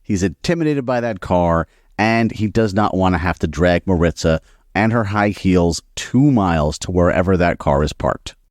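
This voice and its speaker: A man narrating in the third person, measured and scripted. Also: low-pitched, animated, no room sound, clean studio sound.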